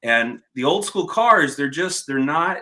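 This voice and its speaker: A man's voice: on the high side, a little slow. A man hosting a casual chat, telling stories loosely and swearing freely. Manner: storytelling, swears freely, animated when retelling. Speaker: podcast host.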